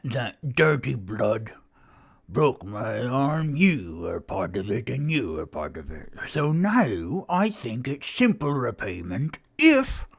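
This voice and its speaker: A man voicing a vengeful, thuggish male dwarf with a Scottish accent, gruff and threatening. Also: mid-range voice, exaggerated voice.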